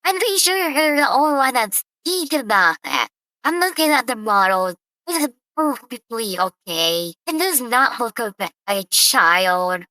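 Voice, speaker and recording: A woman's voice: fairly high pitch, very animated, unhurried, bright, forceful tone, no echo, poor audio. A woman giving casual reaction commentary with blunt, dismissive asides. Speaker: reaction streamer.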